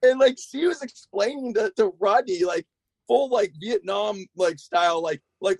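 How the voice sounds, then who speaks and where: A man, a guest skateboarder, telling a long story in a rambling, profane, animated way. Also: high-pitched, normal speed, no echo. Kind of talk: casual storytelling.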